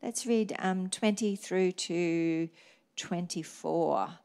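A middle-aged woman pastor preaching a sermon, telling stories in a lively, varied way. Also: lowish voice, takes it slowly, clean tone.

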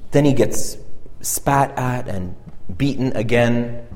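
A man preaching a conversational sermon, earnest and halting, often repeating and restarting his phrases. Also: medium pitch, darkish tone, a little hiss or hum. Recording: reverberant hall.

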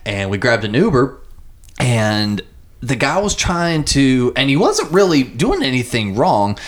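A man's voice: mid-range voice, huge pitch swings, a little slow. A man telling a story in a casual chat, acting out the people he quotes.

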